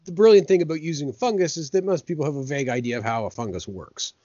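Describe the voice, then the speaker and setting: A man's voice: on the high side, fast talker, warm tone, no echo. Man, podcast co-host, chatty and rambling, dry close sound, muffled lo-fi audio. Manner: rambling, laughing, retells scenes with put-on quotes. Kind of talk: casual movie podcast chat.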